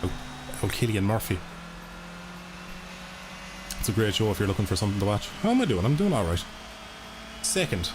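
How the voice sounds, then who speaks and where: A man's voice: on the low side, sing-song, a little fast, long pauses, background noise. A young Irish man chatting casually and swearing freely to his viewers while he plays a racing game live. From Ireland. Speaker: gaming streamer. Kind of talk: casual live-stream commentary while playing. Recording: game music and engine sounds behind. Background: racing game music and car engines.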